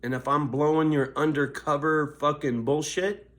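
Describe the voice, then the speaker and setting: A man's voice: on the high side, fairly even intonation, normal speed, fairly bright tone. An older man vlogging, cursing constantly in a riled-up, confrontational rant. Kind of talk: angry ranting vlog.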